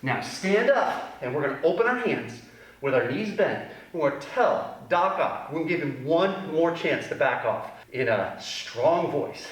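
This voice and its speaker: A man's voice: fairly high pitch, expressive, moderate pace. Playful man coaching a kids' class. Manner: playful, upbeat coaching with goofy asides. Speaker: kids' taekwondo instructor in costume. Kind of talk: children's fitness class instruction. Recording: echoey room from a distance with music.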